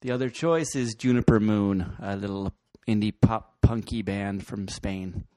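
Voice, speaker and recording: A man's voice: on the low side, a little slow, mellow, dry recording. A man co-hosting a radio music show, introducing songs in rambling, dry casual chat. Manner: rambling and dry, with fillers and laughs.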